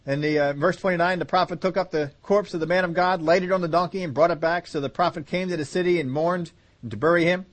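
A man's voice: on the high side, fairly even intonation, quick pace. A man preaching a sermon, joking and acting out the story in voices. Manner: humorous, acts out scenes in voices, laughs often.

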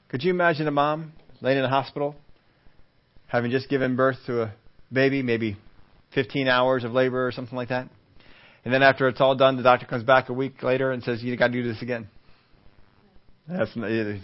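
Man, pastor, conversational sermon, asks the room questions, mid pitch, muffled lo-fi sound.

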